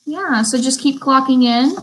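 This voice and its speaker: A woman's voice: sits high, normal speed, a bit bright, low-quality recording. A young woman, teaching a beauty school class over a live stream in a chatty way and reading out viewers' comments.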